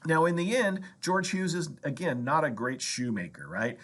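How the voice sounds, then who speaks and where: A man's voice: fairly high pitch, big pitch swings, normal speed, a bit bright. A man lecturing as a history professor, telling a story and acting out quoted lines, with frequent "right?" checks to the class.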